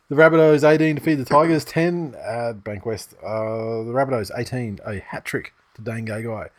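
A man's voice: mid-range voice, normal speed, few pauses. A man, co-hosting a casual sports podcast in a rambling, laid-back way. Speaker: podcast co-host.

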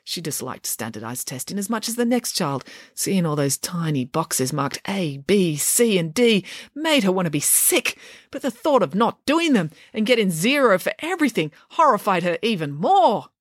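A woman's voice: lowish voice, sing-song, normal speed, no room sound, studio quality. A woman narrating a children's audiobook in a playful storytelling manner.

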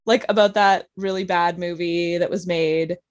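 A woman's voice: on the low side, steady tone, normal speed, lo-fi sound. A woman co-hosting a podcast, telling stories in a chatty, giggly way. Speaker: podcast co-host. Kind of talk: casual chat.

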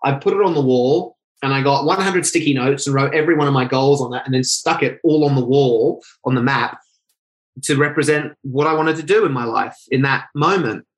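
A man tells a personal story as an interview guest. He talks in fast, lively bursts, often correcting himself mid-sentence. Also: mid-range voice, low-quality recording. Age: 20s. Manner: animated, rapid storytelling with self-corrections.

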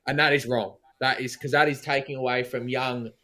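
A man's voice: mid-range voice, fairly even intonation, a little fast, sharp tone. A man with an Australian accent, co-hosting a casual sports podcast and arguing his view emphatically, often checking with "right?". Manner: emphatic, argumentative, leans on "right?". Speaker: podcast co-host.

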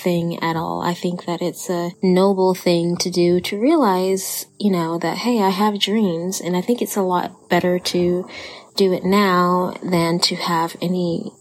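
A woman's voice: fairly low pitch, flat delivery, measured pace, rough recording. A woman with a Texan accent, talking casually and earnestly on a podcast, encouraging listeners. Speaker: podcast co-host.

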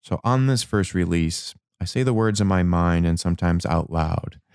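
A man giving a reflective motivational talk about anger and change, slow and emphatic, repeating words and now and then swearing. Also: low voice, a little mellow, clean tone, no room sound, clean studio sound. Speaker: self-help speaker.

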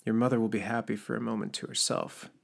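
A man's voice: on the low side, fairly even intonation, quick pace, gravelly. A man voicing a scarred, disgraced male cook in an audiobook, sly and needling as he cajoles. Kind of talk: audiobook character voice.

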